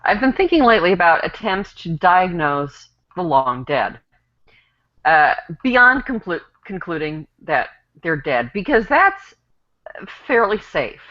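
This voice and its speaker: A woman on a casual online panel, explaining a topic in a wry, measured way over a video call. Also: fairly low pitch, very animated, highs cut off.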